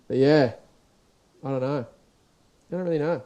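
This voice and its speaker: In a lo-fi recording, a young Australian podcast host rambles through a casual solo rant, swearing and restarting often. His voice sits on the high side with a dark tone and a measured pace, and it sounds sore and dried out.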